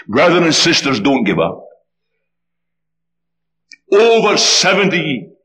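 A man preaching a sermon, telling a story with dramatic, animated delivery. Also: on the high side, unhurried, long pauses.

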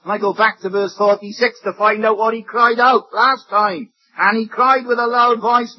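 A male preacher with a high, husky voice delivers an emphatic sermon. His voice climbs and falls sharply as he presses each point. The recording sounds dull and lo-fi. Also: steady tone, moderate pace, hardly any pauses. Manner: emphatic, swings between rising and dropping voice.

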